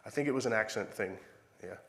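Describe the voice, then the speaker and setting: A man's voice: on the low side, fast, a bit bright. A man with an Irish accent preaching a sermon in a church, reading scripture and acting out the quoted dialogue in a conversational, self-correcting way.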